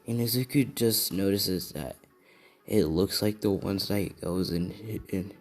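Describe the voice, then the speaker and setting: A man's voice: sits low, a little slow, a little mellow. A tired young man improvising a fan story, rambling and hedging with lots of fillers. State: tired, yawning.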